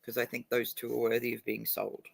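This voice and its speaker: A man's voice: medium pitch, completely flat delivery, brisk, vocal fry, breathy edge. A man chatting casually on a livestream, blunt and heavily profane, a little drunk and stoned. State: tipsy and stoned.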